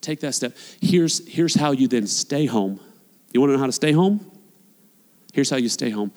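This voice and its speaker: A man preaching a sermon as a pastor, passionate and swinging between loud appeals and hushed, quiet lines. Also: medium pitch, lively intonation, moderate pace. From United States. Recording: long hall reverb.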